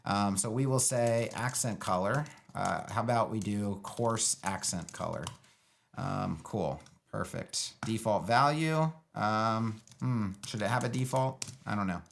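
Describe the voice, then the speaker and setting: A man thinking out loud through a live web-building demo, loose and sarcastic, with lots of fillers. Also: lowish voice, a little slow, vocal fry, a little hiss or hum. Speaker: web design educator building a page live. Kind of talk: casual live screen-share tutorial.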